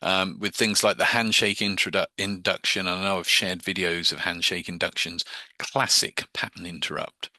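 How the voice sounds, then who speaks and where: Bright-voiced man teaching hypnosis techniques. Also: sits low, little pitch movement, no room sound. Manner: chatty, restarts and repeats words, acts out quick examples. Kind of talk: informal teaching talk.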